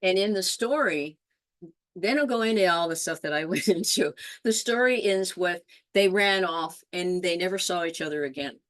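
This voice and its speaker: A woman's voice: on the low side, normal speed, fairly bright tone. Woman telling a folk tale. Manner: mixes in Spanish phrases, acts out characters' lines. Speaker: storyteller. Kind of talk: oral storytelling.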